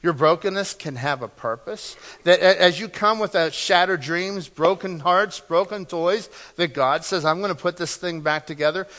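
A male pastor preaching a sermon, leading the congregation in call-and-response and moving between loud emphasis and hushed, soft lines. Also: high voice, normal speed, hardly any pauses. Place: church sanctuary. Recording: long reverb of a church hall.

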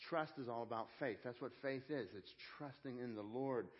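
A man's voice: mid-range voice, moderate pace, dull audio. A man preaching a sermon in an earnest, conversational way, often repeating and restarting phrases. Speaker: pastor.

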